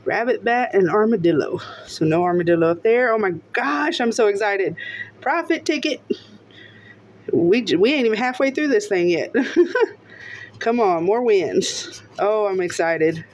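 A woman with a drawl talks her way through a lottery scratch-off, reading out symbols and bursting into excited exclamations. Her pitch sits in a middle range. A faint hum of ambience runs behind her. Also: moderate pace. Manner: excitable, exclaiming and laughing often. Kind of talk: casual narration while scratching tickets.

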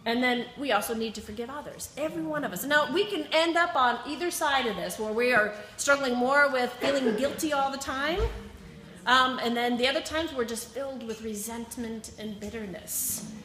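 A woman's voice: high voice, moderate pace, sharp tone. A woman teaching a Bible class, reading scripture aloud and explaining it in loose, self-correcting asides. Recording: echoey room.

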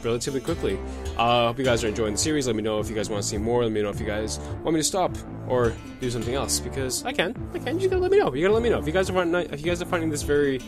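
A man's voice: mid-range voice, animated, racing, music in the background. A man hosting a let's play, joking crudely and muttering names and numbers while he plays. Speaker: gaming channel host.

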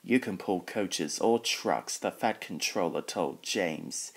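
A man's voice: low voice, husky. A man reading a children's train story aloud, voicing all the characters in his own plain voice. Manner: reads every character in his own voice, slow and even.

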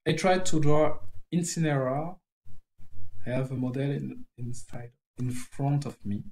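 This is a native French speaker with a French accent, talking casually in broken English as he draws on stream and often stopping to find the right word. The voice is mid-range with a steady, somewhat dark tone.

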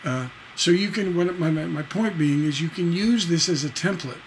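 A man's voice: fairly high pitch, moderate pace, a little hiss or hum, poor audio. A man teaching songwriting on a livestream, reading lyrics and counting beats aloud, with many fillers and restarts. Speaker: songwriting instructor.

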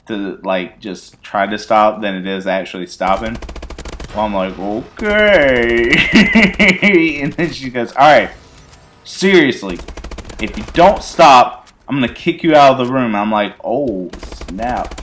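A man's voice: medium pitch, slight background noise. A young man casually telling a rambling, funny personal story over gameplay, often breaking into laughter. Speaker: gaming channel host.

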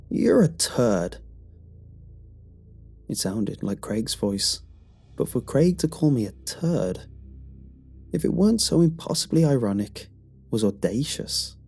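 A man narrates a horror story in a low, husky voice, very slowly and with brooding weight. His pitch swings widely, climbing sharply at the tense moments, and faint music plays behind him. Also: darkish tone. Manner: slow, brooding delivery with sudden rises.

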